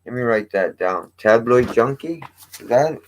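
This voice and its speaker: A man's voice: medium pitch, expressive, unhurried, a little hiss or hum. Rambling man hosting a casual vlog. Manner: rambling, with restarts and casual swearing. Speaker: vlog host.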